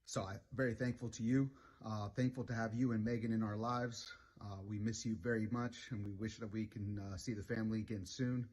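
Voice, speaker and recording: A man recording a sincere video tribute to a fellow sailor, speaking haltingly with frequent fillers. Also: on the low side, flat delivery, darkish tone. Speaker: retired Navy chief giving a video tribute.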